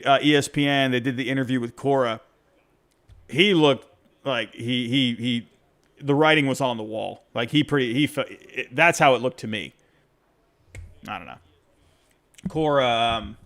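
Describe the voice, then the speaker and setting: This man, hosting a casual postgame show, responds to voicemails from fans in a rambling style, breaking into his own sentences. His mid-range voice has a fairly bright tone.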